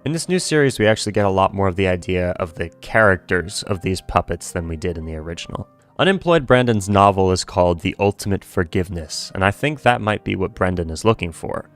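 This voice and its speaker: A man's voice: low voice, lively intonation, brisk, soft background music. Wry man analysing a show. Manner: wry, joking, speculative. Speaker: commentary host. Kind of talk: video analysis commentary.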